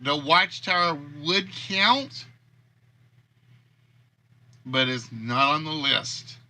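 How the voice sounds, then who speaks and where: A man chatting casually on a livestream, his voice very bright and sharp, sitting a bit high. He rambles and thinks aloud, trailing off and starting over as he goes. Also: animated, extremely slow. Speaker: game show host and creator.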